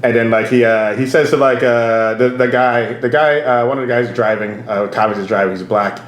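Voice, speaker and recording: A man's voice: medium pitch, steady tone, fairly quick. A man hosting a casual podcast as a comedian, telling stories in a rambling way, laughing often and acting out the people he quotes. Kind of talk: casual storytelling chat. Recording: roomy echo with faint ambience.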